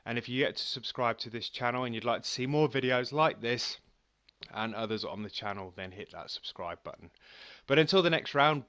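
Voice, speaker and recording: A man's voice: mid-range voice, fairly bright tone, dry recording. A man giving casual, self-critical commentary on his own golf video game round and signing off to viewers. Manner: frank, self-critical, chatty sign-off. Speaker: gaming channel host.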